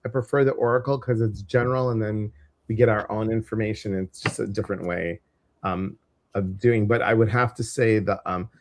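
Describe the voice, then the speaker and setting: A man's voice: on the low side, steady tone, brisk, slight background noise. A man with a Chicago accent co-hosting a casual live-stream show, chatting and reading out viewer comments. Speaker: co-host of a live psychic show.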